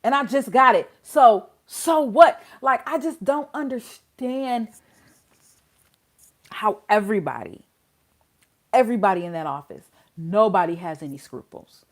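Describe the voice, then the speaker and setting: A woman's voice: mid-range voice, expressive, measured pace. A woman hosting a casual legal commentary channel, exasperated and full of rhetorical questions.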